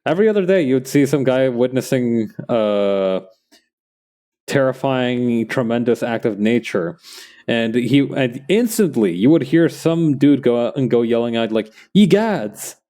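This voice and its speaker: A man with a mellow, mid-range voice talks unhurriedly as he streams himself working on a comic. He chats casually, wandering into rambling, musing asides between comments on his drawing.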